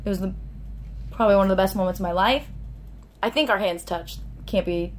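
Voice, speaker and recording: A young woman vlogger, a little tipsy, excitedly retelling a story to camera with lots of fillers. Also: mid-range voice, brisk, long pauses, a little hiss or hum.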